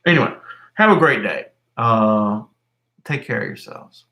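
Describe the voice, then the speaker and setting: A man's voice: lowish voice, sing-song, measured pace, bright, forceful tone. Middle-aged guy giving a history lesson on a stream, lots of ums, keeps correcting himself. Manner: rambling, self-correcting with many fillers. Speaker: history teacher. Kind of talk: live-streamed lecture.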